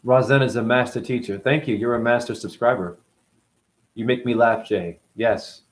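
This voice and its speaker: A man in his forties hosting a rambling, profane livestream talk. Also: normal speed. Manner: profane, rambling, jumpy pitch swings. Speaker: host.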